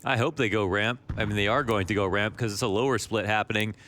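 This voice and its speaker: A man giving relaxed, conversational color commentary on a live esports match. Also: on the low side, fast, slight background noise.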